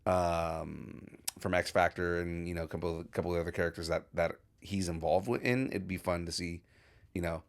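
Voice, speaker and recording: A man's voice: low voice, steady tone, normal speed. A man co-hosting a geek culture podcast, chatting casually and hesitantly with many restarts. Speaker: podcast co-host. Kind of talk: casual chat.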